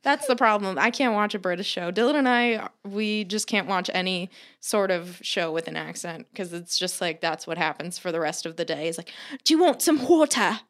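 A young woman telling stories in casual chat, animated, peppering her speech with "like" and laughing often. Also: on the low side, normal speed, hardly any pauses. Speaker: podcast co-host.

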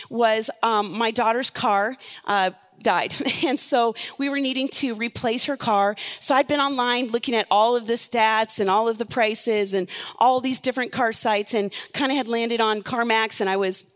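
A middle-aged woman pastor preaching a sermon, telling a personal story with earnest urgency. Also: a little high.

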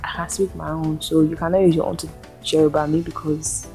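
A young woman with a Nigerian accent hosts her own podcast, venting with rhetorical questions. Her voice sits low and mellow, with a gravelly fry running through it. Faint music plays underneath. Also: level tone, brisk. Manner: ranting, exasperated rhetorical questions. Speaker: podcast host. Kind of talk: solo podcast monologue.

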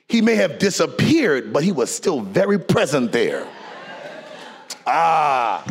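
A man preaching a sermon to a congregation, leading call and response and swinging from low talk to shouted, sung peaks. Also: huge pitch swings, slow pace, vocal fry, slightly rough. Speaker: pastor. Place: church before a congregation.

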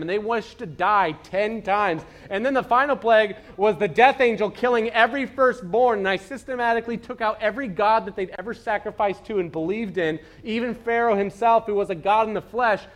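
A man voicing an exasperated, booming God. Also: fairly bright tone. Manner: emphatic, raised and insistent. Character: exasperated male God, patient yet incredulous.

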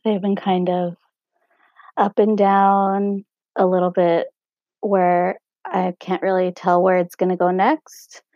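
A young woman talking on her own podcast in a casual, rambling way, full of "um" and "like", her throat hoarse and scratchy. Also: on the low side, flat delivery, slow, dark tone, dry recording. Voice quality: husky. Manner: meandering, lots of fillers like "um" and "like". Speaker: podcast host. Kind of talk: casual solo podcast talk. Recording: dry, muffled home recording.

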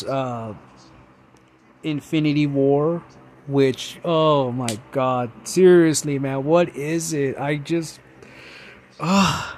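A young man hosts a loose, rambling chat with a mid-pitched voice, easily excited and full of fillers and stops. There is a faint hiss of noise behind him. He sounds like a fan talking off the cuff. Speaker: podcast host. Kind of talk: casual rambling monologue.

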